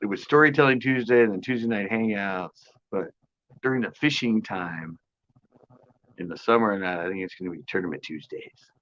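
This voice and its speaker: A man's voice: fairly low pitch, moderate pace, fairly bright tone. Joking man on a lo-fi live stream. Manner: joking, sarcastic, laughs often. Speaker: host of a live fishing stream. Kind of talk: casual live-stream chat, reading comments. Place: outdoors on his porch.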